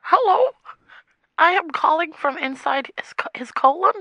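A woman voicing an earnest sentient AI that lives inside a man's colon, talking in a prim, halting way. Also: very high voice, expressive, a bit bright, no echo, heavily acted, poor audio.

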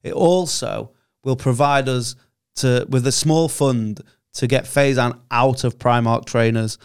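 A man's voice: mid-range voice, steady tone, unhurried, clear, resonant tone, dry recording, studio quality. A man co-hosting a podcast, reading a support appeal in a mock-serious, playful way. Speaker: podcast co-host. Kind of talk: ad read.

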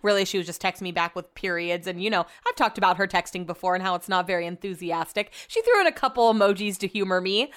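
A woman's voice: mid-range voice, fast talker, hardly any pauses. A woman hosting a podcast, telling a story in a chatty, casual way and swearing freely. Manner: chatty, profane, animated retelling. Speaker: podcast host.

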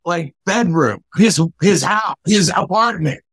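A man in a casual memorial chat, telling stories in a rambling, halting way with many fillers. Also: sits high, lively intonation, fairly bright tone, slightly rough, dry recording.

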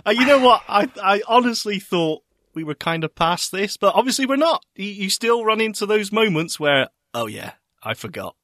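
A man's voice: high-pitched, animated, normal speed, hardly any pauses, a bit bright, no echo, clean studio sound. A man co-hosting a podcast in casual chat, teasing his co-host with playful reactions.

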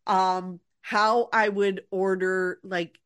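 A woman's voice: mid-range voice, little pitch movement, takes it slowly, a bit bright, clean tone, no echo, studio quality. Curious woman podcast co-host. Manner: curious, laughs along. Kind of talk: casual chat.

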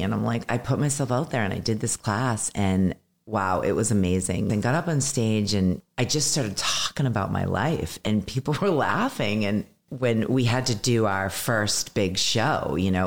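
Candid woman comedian in her fifties. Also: rumbling low. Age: 50s. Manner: candid, self-deprecating storytelling with stammered restarts. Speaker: guest comedian. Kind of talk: casual interview chat.

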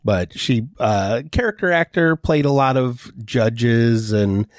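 A man's voice: mid-range voice, lively intonation, takes it slowly, dry recording, clean studio sound. Casual man rambling about a movie. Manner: rambling with many fillers. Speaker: podcast co-host. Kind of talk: casual movie review chat.

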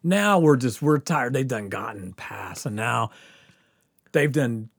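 A man with a gravelly, husky voice spins a story in casual chat, laughing often and acting out what people said. His pitch swings widely and sits a little high. The sound is close and dry. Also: takes it slowly, dry recording. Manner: animated, laughing often, acts out quotes. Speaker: podcast host.

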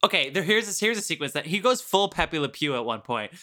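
A man with a bright, lively voice rants about a film in casual podcast chat. His pitch swings widely and his tone stays sharp and forceful. He swears freely. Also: a little fast. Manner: animated ranting, profane, mimics characters. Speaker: podcast co-host.

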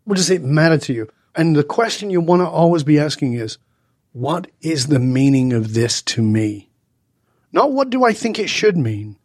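A man in his sixties from Northern England talks as an interview guest. His voice sits a little high and sounds dry and close, with no room around it. He tells stories with animation, jumping into the voices of the people in them. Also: moderate pace, dry recording. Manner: acts out dialogue with lively voice changes. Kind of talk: animated storytelling in conversation.

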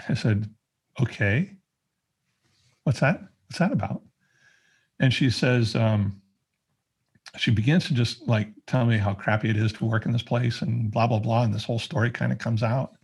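A man's voice: mid-range voice, level tone, normal speed, a little mellow, breathy edge. A man telling a personal story as a podcast guest, in a conversational way with many fillers and restarts. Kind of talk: casual storytelling.

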